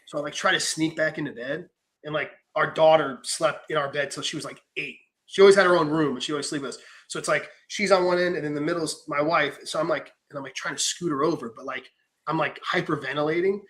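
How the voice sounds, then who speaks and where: A young man in casual podcast chat, telling animated stories, acting out quotes and swearing freely. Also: fairly high pitch, fast talker. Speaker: podcast host.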